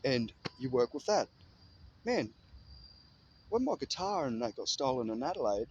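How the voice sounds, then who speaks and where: A man in casual motivational storytelling, animated and freely swearing. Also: mid-range voice, normal speed, pauses often, dull audio, a little hiss or hum.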